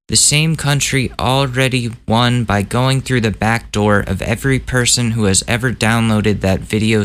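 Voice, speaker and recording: A podcast host with a fairly low voice talks through the news in a loose, casual monologue. He rants and cracks jokes, swearing freely as he goes. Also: fairly bright tone, clean tone. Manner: ranting, profane, jokey.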